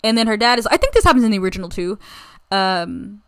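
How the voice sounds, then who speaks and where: A young American podcast host with a mid-range, slightly bright voice rambles enthusiastically about a movie in a casual solo review. She sounds very animated and talks quickly.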